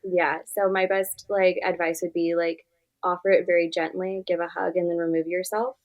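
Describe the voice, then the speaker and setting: Low-voiced woman giving earnest advice. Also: level tone, moderate pace, rough recording. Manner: direct, earnest advice full of "like" fillers. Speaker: therapist guest. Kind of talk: podcast interview conversation.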